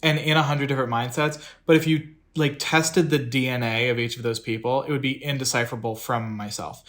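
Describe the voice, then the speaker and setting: A male podcast co-host in casual chat who muses aloud and rambles. He circles his thoughts in loose, unhurried sentences, starting and restarting. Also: mid-range voice, fairly even intonation, fairly bright tone. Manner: reflective, rambling, talks in fits and starts.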